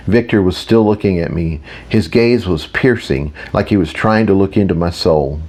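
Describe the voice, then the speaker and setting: Low-voiced male audiobook narrator. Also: moderate pace, hardly any pauses, a little mellow. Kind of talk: first-person audiobook narration.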